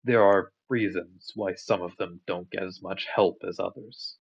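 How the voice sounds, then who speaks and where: A man voicing a calm, kindly sea-god father who speaks gently and softly. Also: deep voice, measured pace, creaky, husky, lo-fi sound, pitched below the performer's own voice, exaggerated voice. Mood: reassuring. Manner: gentle, soft-spoken, fatherly.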